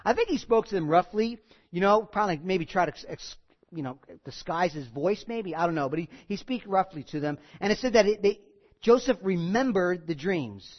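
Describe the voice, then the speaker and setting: An animated pastor preaching an expository sermon, with a voice that swings widely in pitch. The delivery is conversational, and key lines get repeated for emphasis. The recording sounds dull and lo-fi. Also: moderate pace. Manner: animated, asks the congregation questions. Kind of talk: sermon, expository Bible teaching.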